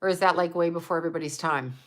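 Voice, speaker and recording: A woman's voice: on the low side, very fast. A woman hosting a livestream, talking casually and bluntly with lots of swearing, rambling and thinking aloud while she answers viewers. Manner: blunt, profane, opinionated; trails off, talks to herself while looking things up. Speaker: livestream host answering chat.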